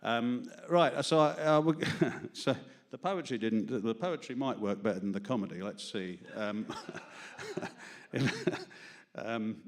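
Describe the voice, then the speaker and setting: Speaking at medium pitch and a measured pace, a London-accented man does stand-up comedy and poetry reading at an open mic. The small studio audience hears him ramble, put himself down, and laugh at his own gags.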